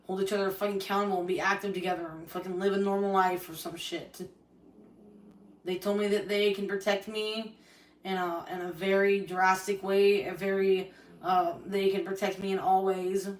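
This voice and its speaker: A young woman in the middle of a heated, swear-filled rant on a live stream, rambling from one grievance to the next. Her voice sits at an ordinary pitch and rings in a roomy space, as if the mic is a few feet away. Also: level tone, normal speed, distant mic. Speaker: livestreamer.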